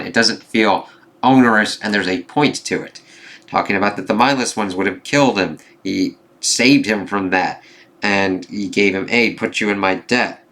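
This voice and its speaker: A man's voice: lowish voice, bright, forceful tone. A man giving a casual, loosely conversational review, recounting a comic issue and reading its dialogue aloud. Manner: loose conversational retelling with fillers and swearing; reads quoted dialogue aloud mostly in his own voice.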